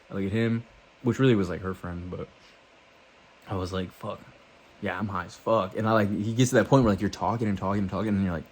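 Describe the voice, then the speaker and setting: A man's voice: fairly low pitch, darkish tone, a little hiss or hum. A man vlogging, telling a loose, profane story to the camera and acting out what he thought and said.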